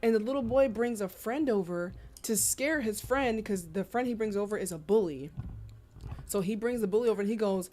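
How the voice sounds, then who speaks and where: On a live stream, a woman chats casually, spinning stories in lively slang and loudly exclaiming in disbelief. Her mid-range voice moves briskly, with faint music in the background.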